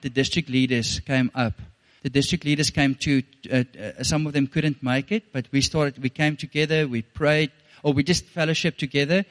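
A middle-aged man with a South African accent, a pastor telling a personal story in an earnest, rambling way during a sermon. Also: mid-range voice.

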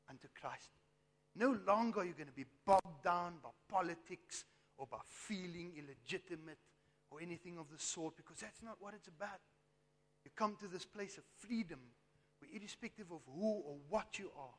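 A high-pitched man preaches with emphatic asides and quick questions to his listeners. His voice sounds strained and worn. A long reverb hangs behind him, as in a large hall. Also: fairly bright tone. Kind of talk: sermon.

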